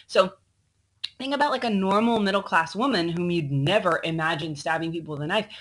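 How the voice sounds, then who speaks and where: A woman's voice: lowish voice, brisk, rough recording. A woman teacher recording a slideshow lecture for her students, chatty and full of ums, talking straight to the class. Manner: chatty, frequent ums, addresses students directly. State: coughing, throat a bit choked. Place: at a computer, screen recording.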